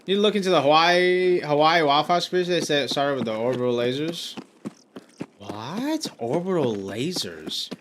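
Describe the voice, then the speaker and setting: A man's voice: on the high side, expressive, measured pace, a bit bright, a little hiss or hum. Frustrated male game streamer muttering to chat. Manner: frustrated, swearing, rambling to chat. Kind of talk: casual live-stream commentary.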